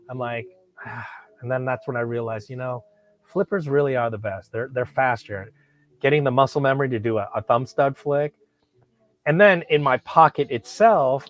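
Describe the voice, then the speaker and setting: Rambling profane man telling a story. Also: medium pitch. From Hollywood, California. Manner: rambling, animated, profane, many restarts. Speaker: knife collector vlogger. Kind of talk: casual storytelling.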